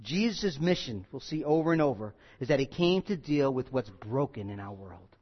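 A male pastor preaching a sermon, emphatic, repeating key phrases and swinging between loud and quiet. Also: mid-range voice, sing-song, normal speed, breathy edge, muffled recording.

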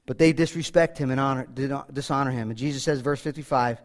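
A pastor preaching a sermon, emphatic, often dropping to a hush and asking the congregation direct questions. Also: male voice, mid-range voice, fast, few pauses. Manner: emphatic preaching, swings from loud to hushed.

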